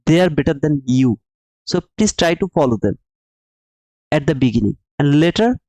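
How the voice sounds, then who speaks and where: A man hosts a live trading stream, explaining the market emphatically, repeating his points, and calling viewers brother as he answers the chat. His mellow voice sits on the high side, and the recording is rough with no room sound.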